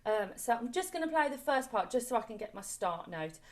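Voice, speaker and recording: Chatty woman leading a warm-up. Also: a little high, big pitch swings, fairly quick. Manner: chatty, encouraging, coaxing with repeated "lovely". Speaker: choir leader. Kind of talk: online singing warm-up class. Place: home, on a video call.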